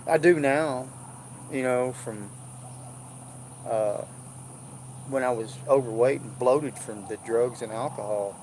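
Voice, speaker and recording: A jovial man with a drawl, rambling through a casual chat from his home. His voice sits at an ordinary middle pitch, with faint background noise behind him. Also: takes it slowly, pauses often, a little mellow. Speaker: vlogger. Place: indoors at home.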